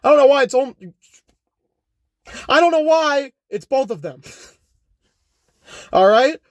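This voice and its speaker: A man's voice: very high voice, no echo, clean studio sound. A young man rambling through an unscripted comedic vlog, joking and correcting himself, often tagging lines with "all right?". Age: young adult. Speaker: YouTuber. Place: home.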